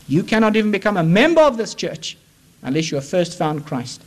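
A man preaching a sermon, impassioned, moving between loud urging and hushed pleading. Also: fairly high pitch, big pitch swings, normal speed, poor audio.

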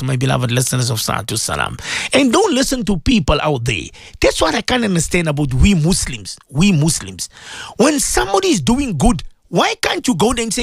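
A man's voice: high voice, a bit bright, dry recording, studio quality. A man presenting on religious radio, preaching and pleading with his listeners, repeating himself as he talks. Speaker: radio presenter and Islamic teacher.

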